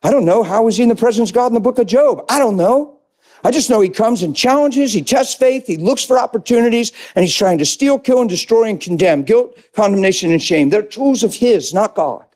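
A man preaching as a pastor, telling a story with a shift from hushed talk to shouted praise. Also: high-pitched, fairly quick. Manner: animated, swings from shouting to hushed. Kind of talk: sermon storytelling.

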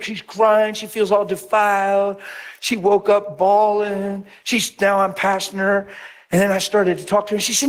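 A man preaching as a pastor, telling stories with lively acted-out voices and sudden drops to a near whisper. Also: normal speed. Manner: animated storytelling, acts out voices with big pitch jumps. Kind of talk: sermon.

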